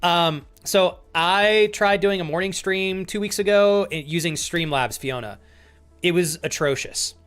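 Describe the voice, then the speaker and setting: A man's voice: high-pitched, measured pace, a bit bright, clear, resonant tone, faint music behind. A man streaming live, chatting casually with viewers, reading their messages and laughing often in mock indignation.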